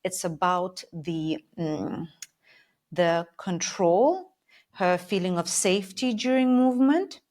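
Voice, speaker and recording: A woman's voice: on the low side, slow pace, darkish tone. A woman working as a Pilates instructor, explaining her coaching approach in a thoughtful, step-by-step conversational way.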